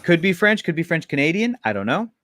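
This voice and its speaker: A man's voice: on the high side, sing-song, fast, a bit bright, dry recording, studio quality. A man hosting a podcast in casual comedic chat, playful, laughing often and rambling through restarts. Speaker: podcast co-host.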